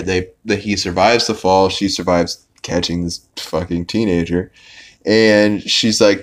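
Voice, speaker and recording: A man's voice: low voice, fairly even intonation, a little slow. A man hosting a podcast, recapping an episode in a casual, rambling way with lots of filler words and some swearing. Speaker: podcast host.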